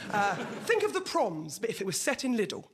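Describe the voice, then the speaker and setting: A woman's voice: fairly high pitch, sing-song, brisk, background noise. A woman in her thirties from England doing a chatty, self-deprecating stand-up routine on radio. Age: 30s. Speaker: stand-up comedian.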